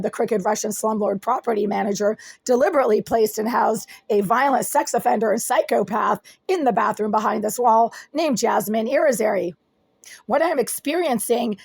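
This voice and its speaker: A woman recording a self-made monologue inside her apartment, speaking intensely and insistently in long run-on sentences, her voice husky and smoky-sounding, with the distance to her handheld phone shifting as she moves between rooms. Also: medium pitch, darkish tone. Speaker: vlogger documenting at home. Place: indoors in a small apartment, kitchen, hallway and bathroom.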